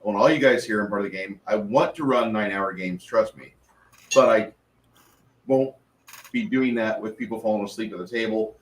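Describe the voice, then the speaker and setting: A man's voice: on the low side, brisk, distant mic. A man, running a tabletop game and chatting in an earnest, rambling way, often restarting his sentences. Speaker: game master. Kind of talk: casual chat after a tabletop game. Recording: echoey room from off-mic with faint noise.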